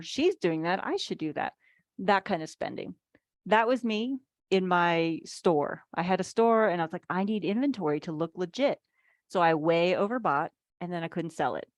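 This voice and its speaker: A woman with a low, gravelly voice leads a relaxed online workshop for business owners. She talks in a chatty, easygoing way, full of "like"s and little acted-out asides. Her voice sounds dry and close over a video call, with no room echo. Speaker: financial speaker. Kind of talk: casual workshop teaching.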